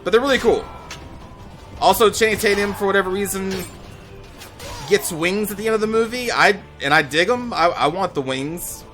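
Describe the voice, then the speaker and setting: A young man with a slightly high voice chats loosely over a game he is playing. He rambles, restarts his sentences, and drops the odd swear word. Faint music plays behind him. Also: normal speed, fairly bright tone. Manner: rambling, chatty, with fillers and casual swearing. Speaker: gaming channel host. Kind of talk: casual commentary over gameplay.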